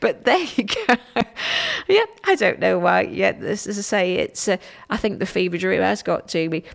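A woman's voice: lowish voice, animated, normal speed, vocal fry. A woman radio presenter with a Stoke-on-Trent accent, chatting casually and rambling between records, laughing at herself. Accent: Stoke-on-Trent English.

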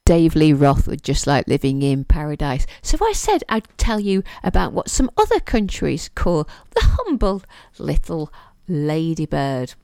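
Brief: woman hosting a casual podcast, self-mocking and chatty, animated delivery, dry booth sound. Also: low voice, unhurried, vocal fry, no echo. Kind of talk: casual solo monologue.

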